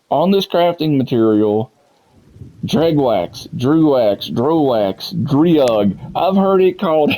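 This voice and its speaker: A man's voice: medium pitch, dark tone, low-quality recording. A man talking casually to his viewers as a gaming YouTuber, chatty and amused, often laughing.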